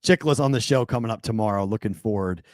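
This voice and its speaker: A man hosting a sports talk show, telling stories in an animated, excitable way, full of fillers and restarts. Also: lowish voice, fast talker, no echo. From New England. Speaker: sports talk radio host. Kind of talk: casual sports talk storytelling.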